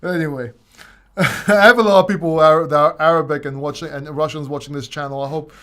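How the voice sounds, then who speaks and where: Laughing, joking crypto livestream host. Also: male voice, fairly high pitch, fairly even intonation, fast, fairly bright tone. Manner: joking, laughing often, rambling with restarts. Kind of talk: casual livestream Q&A.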